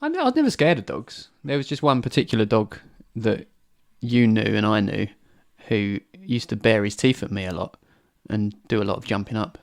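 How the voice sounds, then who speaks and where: A man co-hosting a comedy podcast, throwing in quick, dry quips. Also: lowish voice, sing-song, creaky, no room sound. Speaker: podcast co-host. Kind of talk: casual comedic chat.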